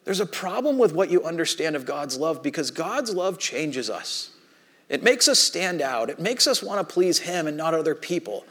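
A man's voice: on the high side, big pitch swings, moderate pace, a bit bright. A middle-aged man preaching a sermon as pastor, in a conversational storytelling manner that acts out the quoted dialogue.

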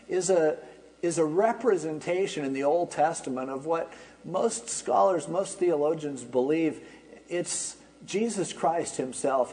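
A man's voice: a little high, a little mellow, low-quality recording. A man pastor preaching an expository sermon, explaining in a conversational way with wry asides.

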